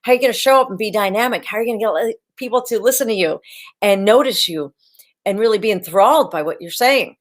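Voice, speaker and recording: A woman hosting a live-stream coaching session, talking in an energetic, chatty way and repeating her key words. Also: medium pitch, fast talker. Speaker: video coach hosting a livestream.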